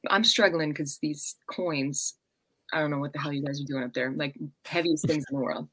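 A woman's voice: sits low, normal speed, slightly rough. A woman from Long Island with a New York accent, chatting casually as a guest and acting out stories with plenty of swearing. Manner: animated storyteller, swears freely, acts out quotes. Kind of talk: casual chat.

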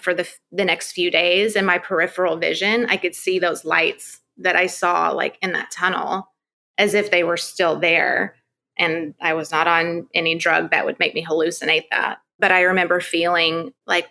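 A woman's voice: lowish voice, steady tone, normal speed, gravelly, sharp tone. A woman in her thirties, a podcast guest, candidly telling a personal story in a rambling way, full of "like" and restarts.

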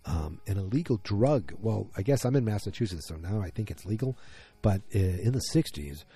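A man's voice: on the low side, brisk, mellow. A man casually recapping a TV episode, rambling and correcting himself mid-sentence in loose, slangy talk.

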